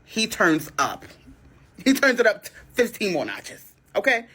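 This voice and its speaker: Woman, casual storytelling, lively up-and-down pitch, acts out both sides, middle pitch. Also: unhurried, husky.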